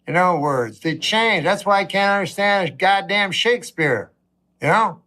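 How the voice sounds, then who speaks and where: At a measured pace, a middle-aged male comic tells a long, meandering stand-up story with a dry, deadpan delivery. His pitch runs high for a man, and his side remarks carry mock indignation.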